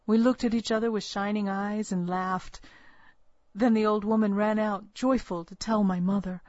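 A woman narrating a first-person story with a measured, earnest storytelling manner. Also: mid-range voice, steady tone, darkish tone, no echo. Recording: dull, lo-fi, dry recording.

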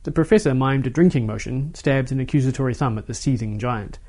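A man narrates a short story at a steady, measured pace. His voice sits in a middle pitch, and he tells the story plainly and evenly.

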